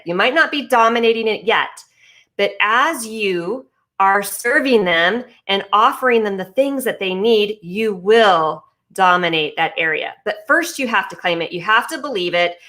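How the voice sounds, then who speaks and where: A woman's voice: medium pitch, sharp tone. A woman speaking as a business coach, giving an emphatic motivational talk with repeated phrases, restarts and fillers. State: talking with ice in her mouth briefly.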